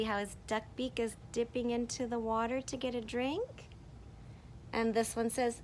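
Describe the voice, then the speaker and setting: A woman reading a picture book aloud to children, animated and full of coaxing questions to her listeners. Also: mid-range voice, unhurried, a little hiss or hum. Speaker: storybook reader.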